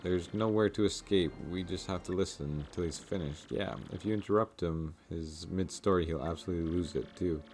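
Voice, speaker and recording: A man's voice: low-pitched, brisk, hardly any pauses, darkish tone, a little hiss or hum. A man hosting a let's play, making wry, offhand comments between game lines. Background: faint game music.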